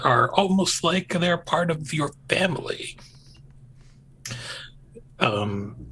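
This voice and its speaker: A man's voice: mid-range voice, creaky, pushed and bright, slight background noise, full character voice, low-quality recording. A man voicing an idealistic male activist who talks hesitantly, with many fillers, in a tabletop game.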